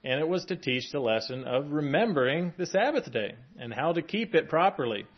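A man's voice: a little high, animated, brisk, breathy edge. A man preaching a sermon in a conversational way, with chuckling asides between the scripture reading. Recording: dull lo-fi sound.

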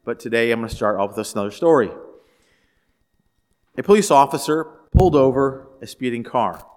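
A man's voice: mid-range voice, expressive, fairly quick, a little mellow, a little hiss or hum. A man pastor giving a sermon in a conversational storytelling way, asking the listeners questions. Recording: echoey hall.

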